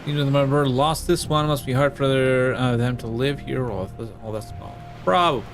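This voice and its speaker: A man's voice: mid-range voice, normal speed. A man hosting a let's play, chatting in a rambling, playful way with many fillers. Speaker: gaming channel host.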